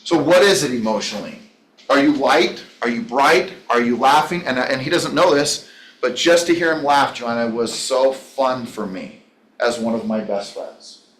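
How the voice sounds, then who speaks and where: Speaking at a normal speed with a mid-range, fairly bright voice, a man delivers a motivational talk at a business training session. He's enthusiastic and rambling, naming listeners as he goes, in an echoey training room.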